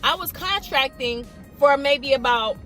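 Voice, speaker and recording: High-voiced woman telling a lively story. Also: unhurried, faint music behind. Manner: animated storytelling, mimics others in quotes. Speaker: vlogger. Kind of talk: storytime vlog.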